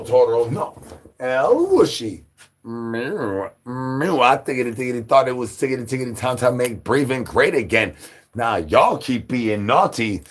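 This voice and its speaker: A man hosting a live stream, talking to chat in rapid rhyming nonsense banter. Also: mid-range voice. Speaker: livestream host.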